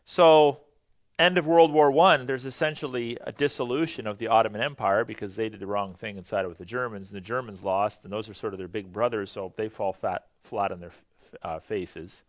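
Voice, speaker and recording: A man teaching a history lesson in a loose, conversational way, pausing with fillers and correcting himself as he goes. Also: lowish voice, steady tone, no echo, dull audio. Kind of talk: history lecture to a class.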